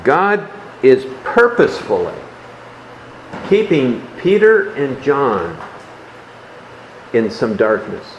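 A man preaching a sermon, explaining a Bible passage in a measured way and dropping his voice softly on key words. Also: medium pitch, reverberant, lo-fi sound, slight background noise.

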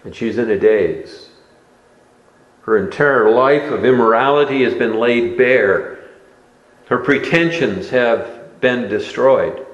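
A man preaching a sermon in a slow, deliberate expository style, recorded in a church sanctuary. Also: medium pitch, roomy sound, highs cut off.

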